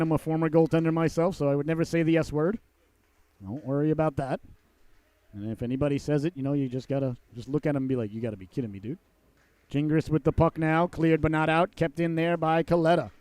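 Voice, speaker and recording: A man calling a youth hockey game play by play, folksy and joking, who breaks into shouts on big plays. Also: a little high, clean tone, no echo. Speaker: play-by-play commentator.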